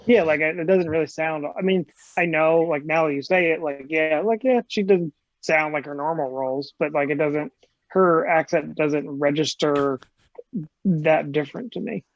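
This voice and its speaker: A man's voice: fairly high pitch, moderate pace, dry recording, highs cut off. A man co-hosting a podcast, speaking in a casual, hesitant way with many fillers. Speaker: podcast co-host. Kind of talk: casual chat.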